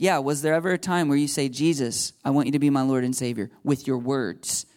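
A man's voice: medium pitch, fairly even intonation, brisk, darkish tone. A man preaching a sermon to a live congregation in a loose, conversational way, joking and laughing at himself between points.

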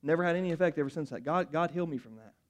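A middle-aged man preaching a sermon, telling rambling personal stories full of restarts that build up into loud excitement. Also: a little high, rapid-fire.

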